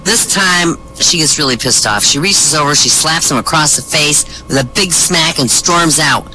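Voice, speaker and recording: Bright-voiced man telling jokes. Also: on the high side, normal speed, soft background music, rough recording. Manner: lively storyteller acting out the characters' lines. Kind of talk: stand-up joke telling in a voice chat room.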